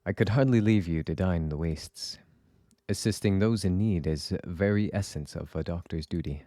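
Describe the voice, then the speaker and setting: A man voicing a calm, courteous male doctor who speaks quietly and formally. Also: deep voice, normal speed, dry recording, clean studio sound, close to an everyday voice. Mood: reserved. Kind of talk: reading game dialogue aloud.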